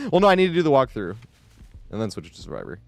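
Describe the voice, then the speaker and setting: Lively, swearing male game streamer. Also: mid-range voice, dry recording. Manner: swears freely, laughs often, reacts to chat and gameplay. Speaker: live streamer. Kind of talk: casual gaming live-stream chat.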